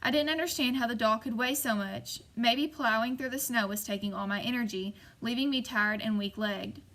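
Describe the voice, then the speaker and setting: A woman's voice: on the high side, normal speed, fairly bright tone. Suspenseful woman reading a spooky story. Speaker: audiobook narrator. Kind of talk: scripted first-person narration.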